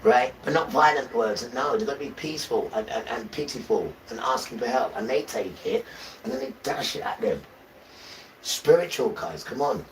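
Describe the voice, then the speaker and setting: A man's voice: mid-range voice, normal speed, recorded from a distance, slight background noise, low-quality recording. A man livestreaming an impassioned spiritual talk, urging his viewers directly in a preachy, urgent way. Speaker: livestream host.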